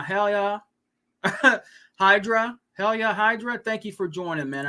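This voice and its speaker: A man's voice: sits high, pushed and bright. A man hosting a casual live stream, ranting and swearing, with lots of "you know what I mean.". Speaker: podcast host.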